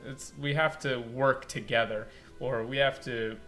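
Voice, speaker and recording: Male let's play commentator, blunt and animated, bright edge, faint game music under him. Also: medium pitch, measured pace. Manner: animated, blunt, casual swearing, many "like" fillers. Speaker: game localization critic.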